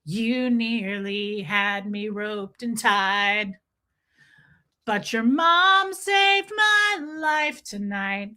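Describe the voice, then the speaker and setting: A woman voicing a cheeky little chipmunk that sings its thanks slowly and at length. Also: medium pitch, animated, pushed and bright, exaggerated voice. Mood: taunting. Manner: slow, drawn-out singing.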